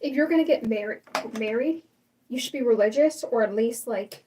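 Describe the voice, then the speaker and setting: High-voiced rambling woman livestreamer. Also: normal speed, mellow, far from the mic, slight background noise, poor audio. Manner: rambling and opinionated, full of fillers and restarts. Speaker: livestream host. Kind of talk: casual livestream chat.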